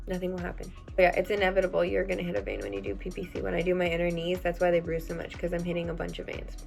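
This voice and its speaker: A young woman answers viewer questions in a casual, chatty vlog, blunt and animated, with a lot of fillers. Her voice has a gravelly fry running through it. Faint music plays in the background. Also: lowish voice. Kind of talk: casual chat.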